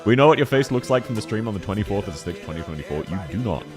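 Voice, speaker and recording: Speaking over music in a fairly low voice with lively intonation, a young Australian VTuber chats with viewers as he plays a game. The commentary is casual, playful, and teasing, and he laughs quickly.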